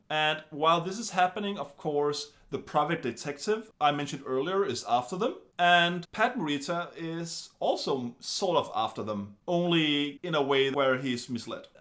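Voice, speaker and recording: Animated man chatting about a film. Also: a little high. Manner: animated, wry, chatty asides. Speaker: film reviewer. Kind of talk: casual film review monologue.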